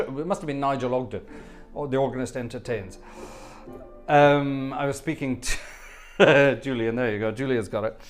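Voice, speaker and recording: A man's voice: mid-range voice, darkish tone. A man from Scotland, hosting an organ livestream, chatting casually and telling anecdotes while reading viewer comments.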